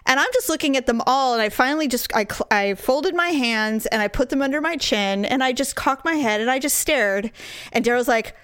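A middle-aged woman telling a story in casual chat, animated and profane, acting out what people said. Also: high voice, a little fast, clear, resonant tone, dry recording, studio quality.

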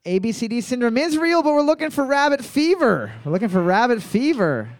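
A man's voice: very high voice, sing-song, a little fast, dry recording. A man hosting a live trivia night, cracking jokes and repeating each question. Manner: joking, reads questions twice, swears freely. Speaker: trivia host.

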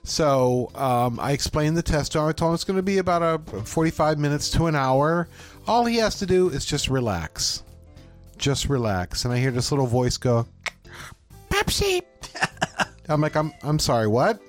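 Over faint background music, a man co-hosting a podcast tells a work story in casual chat. He is an animated storyteller who acts out the voices of the people he quotes. His voice is on the high side, at normal speed.

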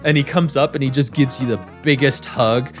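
A man's voice: mid-range voice, steady tone, moderate pace, faint music behind. A man narrating a tabletop game as game master, casual with many fillers.

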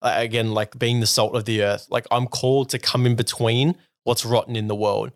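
A man's voice: mid-range voice, little pitch movement, fairly quick, no room sound, studio quality. A young man co-hosting a casual faith podcast, earnest and a little rambling, with playful asides. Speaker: podcast co-host.

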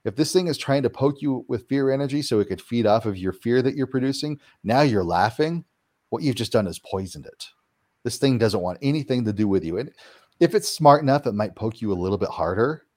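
Animated man with lively, swooping delivery. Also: a little fast. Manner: animated, acts out quoted reactions with big pitch jumps. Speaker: paranormal house-clearing practitioner, guest. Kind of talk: interview answers.

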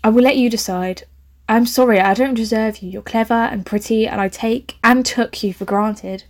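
A woman's voice: fairly high pitch, steady tone, normal speed. A woman reading the lines of a remorseful, moody young man in a story. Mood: sorry. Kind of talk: reading character dialogue.

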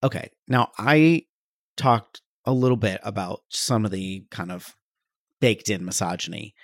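A man's voice: fairly low pitch, a little slow. A man co-hosting a movie podcast, chatting casually with dry, wry asides. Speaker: podcast co-host. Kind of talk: casual movie-review chat.

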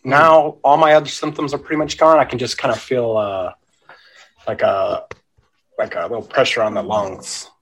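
A man's voice: mid-range voice, fairly even intonation, moderate pace, a bit bright, rough recording. A man co-hosting a podcast, chatting in a dry, laid-back way. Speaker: podcast co-host. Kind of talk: casual chat.

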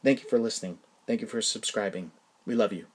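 A man, the podcast host, reading his own first-person story in a plain, even manner. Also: lowish voice, fast, husky. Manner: plain, even storytelling, casual asides in the outro.

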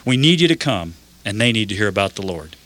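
A man's voice: fairly low pitch, big pitch swings, quick pace, fairly bright tone. A man voicing a friendly prison ministry director who talks persuasively.

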